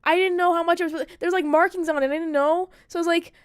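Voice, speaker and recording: A woman's voice: very high-pitched, fairly even intonation, very fast, dry recording, clean studio sound. A woman streamer telling a story in casual chat, rambling and profane, full of "like" fillers.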